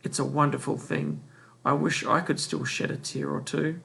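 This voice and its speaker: A man reading aloud and voicing a gentle, sorrowful old woman cook in a soft, slow, consoling way. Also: a little high, level tone, vocal fry. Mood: tender.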